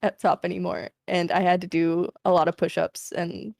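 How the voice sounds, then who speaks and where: A young woman hosting a live stream, telling a story in a casual, animated way, swearing freely. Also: lowish voice, moderate pace, vocal fry, dry recording, clean studio sound. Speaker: streamer host.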